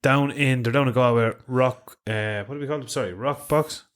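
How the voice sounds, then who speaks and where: An Irish man co-hosting a podcast, enthusiastic and swearing, quick to jump in and agree. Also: mid-range voice. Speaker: podcast co-host. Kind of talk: casual chat.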